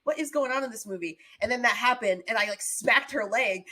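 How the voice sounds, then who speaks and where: A woman's voice: on the high side, brisk, pushed and bright. A woman co-hosting a podcast in casual chat, telling stories and acting out quotes with big jumps in her voice. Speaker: podcast co-host.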